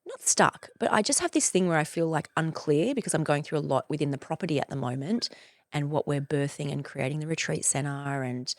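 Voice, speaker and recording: A woman in her forties hosting a podcast, talking in a loose, effusive monologue, swearing freely and leaping up in pitch for playful emphasis. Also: brisk, no room sound. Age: 40s. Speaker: podcast host. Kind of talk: casual monologue.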